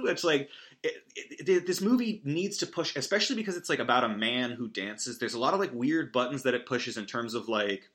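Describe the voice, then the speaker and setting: A man's voice: mid-range voice, a bit bright. A man casually recapping a movie, rambling with sarcastic asides and many fillers.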